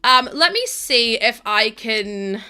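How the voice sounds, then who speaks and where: A woman's voice: on the high side, expressive, takes it slowly, sharp tone, clean tone. A young woman chatting casually on her live stream, worn out, chatty and prone to giggling as she thanks viewers. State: tired.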